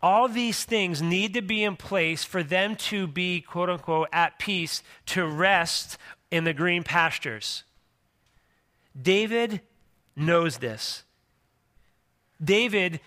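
A man's voice: high-pitched, slow pace, bright, forceful tone. A middle-aged man preaching a sermon as pastor, in a conversational way with joking asides and frequent restarts.

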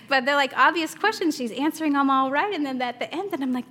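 A woman's voice: high-pitched, animated, quick pace, few pauses, fairly bright tone. A woman in her thirties teaching a Bible study in a chatty, casual way, laughing often and acting out a toddler's small voice.

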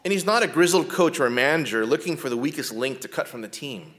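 Man, lecturer, conversational teaching, gentle and soft when talking about compassion, checks in with listeners. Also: a little high, expressive, fast talker. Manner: often checks in with a tag question "right?". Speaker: lecturer teaching biblical counseling.

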